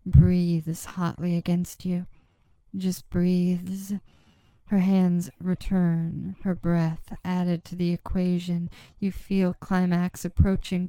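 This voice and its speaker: A woman with a low, mellow and smooth voice tells an erotic story in the second person. She speaks slowly and evenly, in a hushed tone with little rise and fall. The recording is dry and close. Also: no room sound, rough recording. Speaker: narrator.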